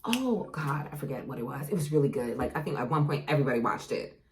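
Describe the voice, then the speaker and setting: A woman in her thirties from New York, co-hosting a podcast, telling stories in a blunt, profane, animated way. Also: very deep voice, fast talker. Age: 30s. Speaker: podcast guest co-host. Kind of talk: casual chat.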